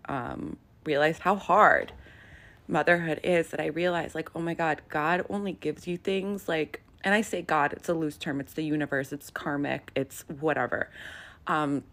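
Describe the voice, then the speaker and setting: Low, drawling woman with vocal fry. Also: a bit bright. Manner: drawling, peppered with "like" and "um". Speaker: vlogger. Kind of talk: casual confessional vlog talk. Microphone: handheld phone.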